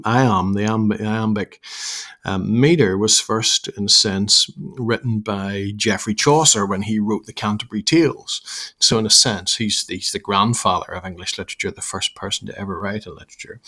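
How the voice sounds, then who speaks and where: A croaky male teacher talks through a lesson, breaking off and restarting as he explains. His voice sits low and carries a gravelly edge. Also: bright, forceful tone. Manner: explanatory, with frequent fillers and restarts. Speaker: English teacher. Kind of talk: recorded lesson explaining a play.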